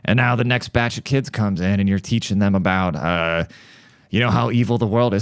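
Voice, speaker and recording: A man's voice: fairly low pitch, fairly quick, clear, resonant tone, no echo, studio quality. A man in his thirties, from Germany and a native German speaker, hosting a comedic podcast monologue in a profane, sarcastic rant. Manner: profane sarcastic ranting with mocking put-on voices. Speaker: podcast host.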